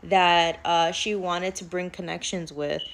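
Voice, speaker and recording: A woman's voice: fairly low pitch, steady tone, a little slow, gravelly. A woman casually telling a personal spiritual story, chatty and rambling, peppered with "like.". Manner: chatty, rambling, heavy use of "like".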